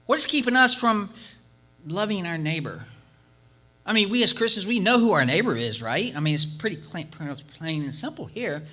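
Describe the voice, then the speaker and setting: A male preacher delivers an emphatic sermon, hammering his points home through repetition and telling a folk story. His high voice is sing-song, pushed, and bright, at a normal speed.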